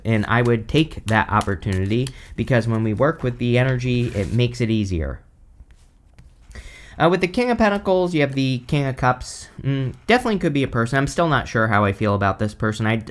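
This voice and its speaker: Chatty man giving a tarot reading. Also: mid-range voice. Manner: conversational, frequent "uh" and "right?" tags. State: has the hiccups. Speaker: tarot reader. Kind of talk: casual weekly tarot reading.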